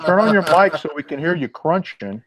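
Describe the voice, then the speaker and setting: A man's voice: fairly high pitch, expressive, a little fast, a bit bright. A man hosting a casual chat, telling laid-back joking stories. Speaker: host.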